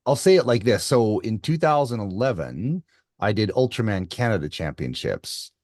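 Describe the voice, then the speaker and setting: Lively storytelling man in his fifties. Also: lowish voice, moderate pace, dry recording, clean studio sound. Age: 50s. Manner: animated, lively retelling with many restarts. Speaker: endurance athlete guest. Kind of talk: interview storytelling.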